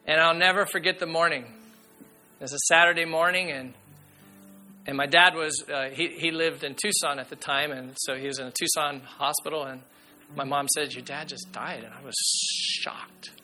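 A man preaching a sermon as pastor, earnest and emphatic, sometimes dropping to a hushed voice. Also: a little high, fairly even intonation, normal speed, faint music behind.

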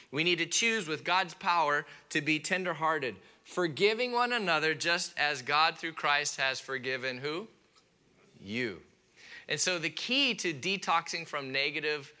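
A man preaching a sermon in an animated way, acting out his listeners' objections in a raised voice and dropping quiet on key points. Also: fairly high pitch. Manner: drops to a quiet, soft delivery on key points. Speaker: pastor.

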